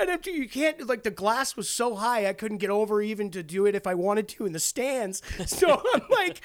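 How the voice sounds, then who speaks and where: A young man co-hosting a casual chat, telling a crude story with lots of swearing and loud acted-out quotes. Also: very high-pitched, a little fast, hardly any pauses. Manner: profane storyteller, loud animated voices when acting out quotes. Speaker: podcast co-host.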